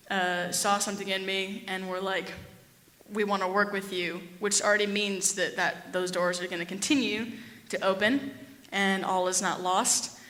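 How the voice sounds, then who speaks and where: A young woman tells a true story at a live event, chatty and animated, with plenty of fillers and acted-out quotes. Her voice is bright and forward. The sound carries a long reverb from the hall. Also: medium pitch.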